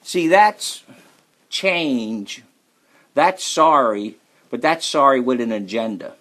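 A man delivers a sermon with an emphatic, repetitive drive. He drops to a crawl to press home his main points. His voice sits at an ordinary middle pitch. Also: animated, fairly bright tone. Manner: emphatic, repeats key phrases, slows down to stress points. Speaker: preacher.

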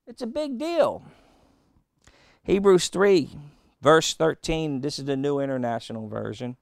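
A man preaching a sermon, emphatic and repetitive, quizzing his listeners and slowing down to read scripture. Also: a little high, lively intonation, gravelly, dry recording, studio quality. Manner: emphatic, repeating phrases and asking the congregation questions; slows right down on scripture quotes.

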